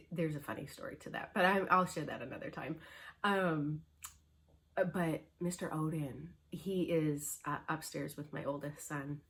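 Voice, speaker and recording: A middle-aged woman chatting casually as a cross-stitch vlogger, her voice sitting on the low side. She rambles through stories with plenty of ums and restarts. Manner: rambling, chatty storytelling with many fillers. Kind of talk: casual chat.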